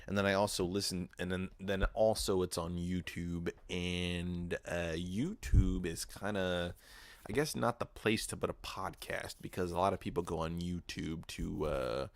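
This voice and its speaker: A young man hosting his own podcast, ranting casually and profanely with animated mock voices. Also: sits low, gravelly, dry recording. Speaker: podcast host. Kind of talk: casual solo podcast rant. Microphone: podcast microphone.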